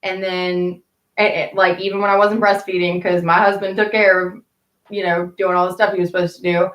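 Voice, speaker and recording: A woman's voice: fairly low pitch, flat delivery, fairly quick, reverberant, muffled recording. A woman telling candid stories to her live viewers in a rambling, casual way, swearing freely. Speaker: live streamer chatting with viewers. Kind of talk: casual storytelling to a live chat.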